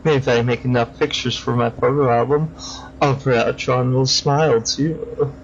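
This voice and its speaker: A man's voice: mid-range voice, fairly even intonation, normal speed, lo-fi sound, slight background noise, natural voice. A man doing a purring sadistic male villain. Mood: creepy gleeful. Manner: sing-song, purring menace.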